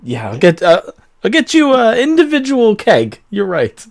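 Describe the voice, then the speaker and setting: Guy doing a nervous little halfling barkeep, stammery and polite, a bit higher than his own voice. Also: very animated, moderate pace, darkish tone. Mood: flustered. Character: flustered small halfling barkeep.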